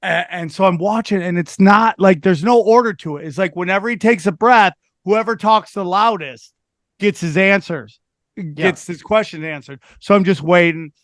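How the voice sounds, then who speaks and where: High-voiced comic man spinning a yarn. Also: normal speed, no echo, studio quality. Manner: animated, profane, acts out quotes. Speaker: podcast host, stand-up comic. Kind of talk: storytelling on a podcast.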